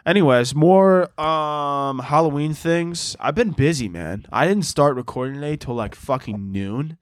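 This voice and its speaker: This solo podcast host talks casually and wanders off on tangents, cursing freely and mocking himself. His voice is on the high side and expressive, moving at a measured pace. The recording is studio quality, with no room sound.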